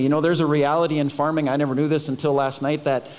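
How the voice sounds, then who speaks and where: A man preaching a sermon, impassioned and pleading, with dramatic pauses. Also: a little high, level tone, darkish tone, smooth. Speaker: pastor.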